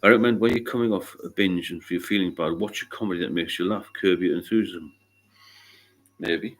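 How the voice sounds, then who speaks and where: Deep-voiced blunt middle-aged man. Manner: blunt, swears freely, rambling anecdotes. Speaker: livestream host. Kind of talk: casual livestream chat.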